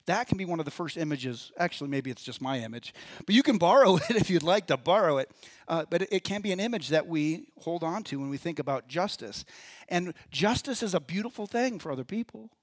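In a high-sitting voice recorded without room sound, a pastor delivers a sermon at church in a conversational manner, asking the congregation questions.

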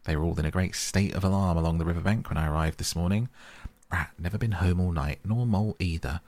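A man voicing a cheerful, bold adult male otter telling his tale in a hearty, lively way. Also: sits low, fast, dry recording.

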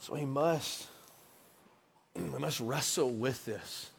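A man in his thirties preaching a conversational sermon, moving between hushed asides and emphatic passages. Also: medium pitch, slow pace, vocal fry, slightly rough. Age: 30s. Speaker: pastor. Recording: long hall reverb.

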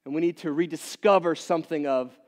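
A pastor giving a sermon, asking the congregation many questions and moving between loud emphatic bursts and quiet low asides. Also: male voice, brisk. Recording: long reverb in a large hall.

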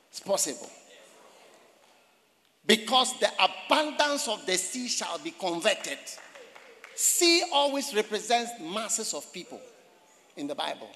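A man's voice: sits high, sharp tone, long reverb tail. A man preaching a sermon in a church, talking in a conversational way, repeating phrases and asking the congregation questions. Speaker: pastor.

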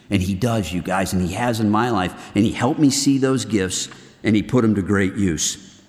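A middle-aged man preaching to a group of men in a lively, earnest way, swinging between loud and hushed. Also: on the low side, normal speed, big-room sound. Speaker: men's ministry speaker. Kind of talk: sermon.

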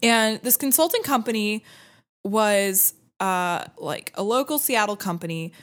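A woman's voice: mid-range voice, measured pace. A young woman in her twenties telling a personal story in casual chat, laughing often and acting out what people said. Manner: animated, laughing, acts out quoted voices, many fillers.

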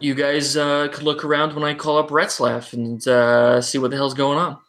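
A man running a tabletop role-playing game as game master, narrating scenes with frequent halting fillers. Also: a little high, little pitch movement, a bit bright, slight background noise.

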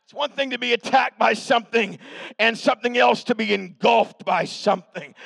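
A man preaching a revival sermon as pastor, shouting with emphasis and then dropping to a hush. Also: extremely high pitch, moderate pace, creaky, breathy edge, no room sound. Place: church sanctuary.

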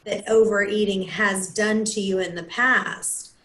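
A woman's voice: mid-range voice, steady tone, measured pace, a bit bright. A woman hosting a podcast, telling stories enthusiastically in casual chat. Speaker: podcast host. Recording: echoey room.

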